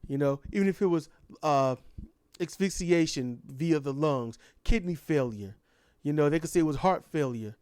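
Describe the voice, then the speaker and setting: A man's voice: a little high, moderate pace, darkish tone, clean tone, no echo, studio quality. A man delivering an impassioned ranting monologue full of repeated rhetorical questions. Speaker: commentator.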